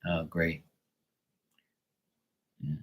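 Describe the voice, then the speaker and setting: A man reading tarot on a live stream, chatting bluntly to a viewer, swearing freely and getting animated when worked up. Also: drawn-out words, poor audio. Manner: blunt, swears often, talks straight to a viewer. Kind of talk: casual live-stream chat.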